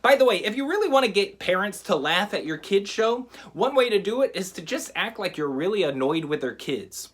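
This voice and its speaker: Chatty man with lively pitch. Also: brisk, few pauses. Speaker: magician teaching a trick. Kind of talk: casual how-to tutorial.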